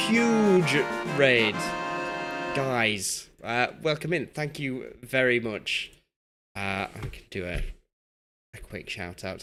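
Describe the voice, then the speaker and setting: A man's voice: on the low side, a bit bright. A young man from Yorkshire chatting casually while live-streaming a football management game and reading chat aloud. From Yorkshire, England.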